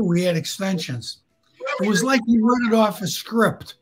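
A man, a guest telling profane, animated anecdotes and acting out the people in them. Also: high voice, moderate pace, soft background music, poor audio. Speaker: guest storyteller. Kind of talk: casual storytelling.

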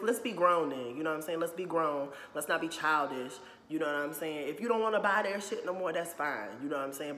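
A man's voice: a little high, a bit bright, slight background noise. A young man ranting in a casual opinion vlog, blunt and profane, repeating "you know what I'm saying" again and again. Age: young adult. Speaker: YouTuber. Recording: echoey room with long reverb.

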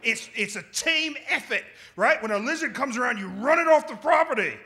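A man's voice: very high-pitched, lively intonation, a little fast, pitched above the performer's own voice, heavily acted. A man putting on the voice of a brash, swearing outback man. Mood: lecturing. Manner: loud, blunt, swearing.

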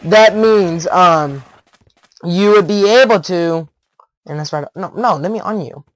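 A teenage boy chatters through his gameplay in a rambling, excitable way, breaking into giggles and sudden yelps. His voice sits high for a young man. He speaks into a headset mic, and the sound is close and dry with no room echo. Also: a little slow. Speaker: gaming YouTuber. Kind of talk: casual gameplay commentary.

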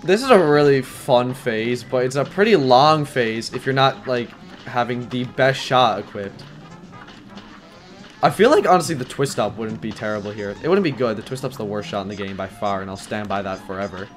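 A man giving rambling live gameplay commentary, excitable and prone to yelling when things get stressful. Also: mid-range voice, normal speed, soft background music. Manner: rambling, filler-heavy. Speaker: gaming YouTuber.

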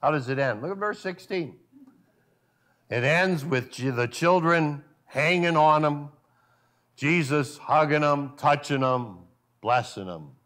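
A male pastor preaching a sermon at a church service, full of rhetorical questions and sudden drops to a hushed voice. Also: fairly high pitch, a little slow.

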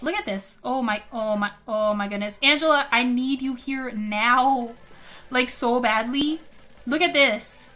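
A young woman doing excitable casual let's play commentary, gasping and saying like a lot. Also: a little high, a little slow. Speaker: gaming YouTuber.

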